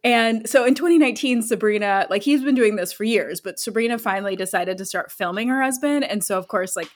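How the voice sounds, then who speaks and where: A woman's voice: mid-range voice, brisk. A woman co-hosting a casual podcast, telling a funny story and laughing often as she goes. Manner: laughs often while telling a story, animated quoted voices. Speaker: podcast co-host.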